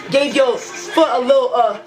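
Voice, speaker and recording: A woman voicing a brash, smooth-talking young man who turns defensive, with slangy, smug pickup-line delivery. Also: high-pitched, normal speed, over music, close to an everyday voice.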